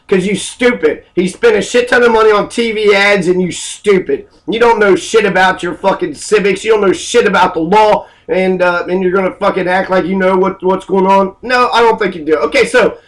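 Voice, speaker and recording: Ranting and cursing heavily, a high-pitched man delivers an angry political history lecture full of rhetorical questions and hesitant fillers. He speaks at a moderate pace with few pauses and a fairly bright tone, and the audio is poor.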